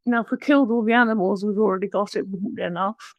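A woman's voice: medium pitch, steady tone, quick pace, dry recording, highs cut off. A woman preaching a conversational sermon, plain-spoken and self-deprecating.

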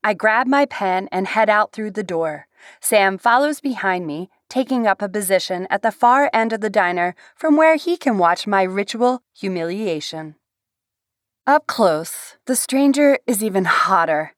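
Woman reading a story aloud, lively rising and falling pitch, dry close sound. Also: a little slow, no room sound. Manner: expressive first-person storytelling. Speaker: narrator.

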